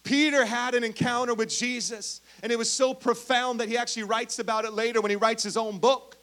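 A man preaching a sermon, telling Bible stories with animated emphasis and dropping to a hush, speaking directly to the congregation. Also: extremely high pitch, brisk. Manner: animated storytelling, swings from loud emphasis to hushed. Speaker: pastor.

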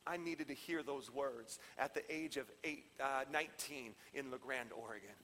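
A man preaching a sermon as a pastor, repeating phrases and swinging from loud proclamations to hushed asides. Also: medium pitch, moderate pace, big-room sound, slight background noise.

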